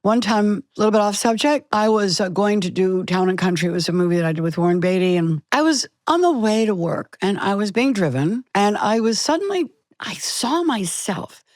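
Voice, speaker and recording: An older woman, an actress being interviewed, telling stories in an animated way and acting out the voices she quotes. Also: mid-range voice, no room sound, clean studio sound. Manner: animated storytelling, acts out quotes. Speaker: guest, actress. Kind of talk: conversational interview.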